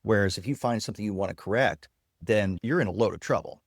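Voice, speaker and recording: Low-voiced man explaining software. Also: fast talker, no echo, studio quality. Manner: enthusiastic, explanatory. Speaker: guest technologist. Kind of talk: casual interview with screen demo.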